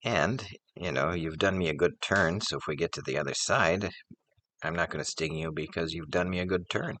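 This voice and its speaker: A man's voice: low voice, moderate pace, a bit bright, a little hiss or hum. A man voicing a sly male scorpion who sweet-talks in a casual, coaxing way.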